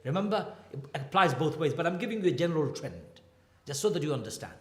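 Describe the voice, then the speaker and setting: A man in his fifties lectures with a lively, swooping voice that sits a little high for a man. He tells jokes and stories with animated energy. The sound rings around an echoey hall. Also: fast. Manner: animated, joking storyteller. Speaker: imam and marriage counselor. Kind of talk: humorous lecture.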